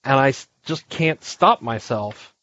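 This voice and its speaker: A man co-hosting a podcast, chatting casually with quick replies and joking asides. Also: medium pitch, animated, sharp tone, muffled recording. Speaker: podcast host. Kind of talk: casual chat.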